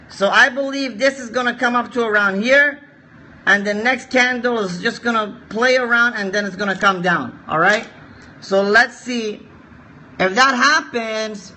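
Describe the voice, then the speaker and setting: A man's voice: high voice, pushed and bright. A man streaming live forex chart analysis, coaxing viewers to share and repeating his points.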